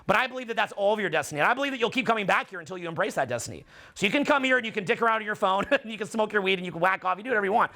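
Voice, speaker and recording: A middle-aged man with a high, gravelly voice and a bright, forceful edge. He preaches an intense motivational monologue, swearing freely and drawing his words out slowly when he wants them to land. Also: lively intonation. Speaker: dating and social skills coach.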